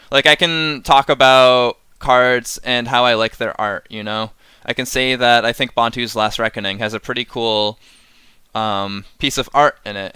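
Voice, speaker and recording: A man's voice: mid-range voice, sharp tone, smooth, dry recording. A man casually reviewing game cards on a live stream, rambling and chuckling as he chats with viewers.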